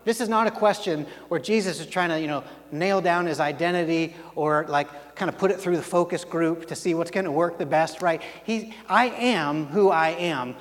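A man's voice: a little high, brisk, few pauses. A man preaching a sermon as a pastor, talking conversationally with frequent restarts and acted-out quotes. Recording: long hall reverb.

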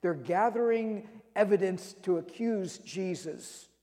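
A man's voice: high voice, slow pace, dark tone, big-room sound. A man preaching a sermon, retelling scripture stories with emphasis and reading verses aloud.

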